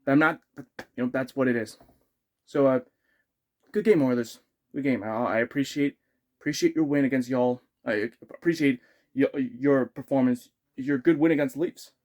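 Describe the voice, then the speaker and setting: A man's voice: mid-range voice, moderate pace, darkish tone. A man ranting as a hockey fan vlogger, rambling and frustrated, with many restarts and self-corrections. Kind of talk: sports fan rant.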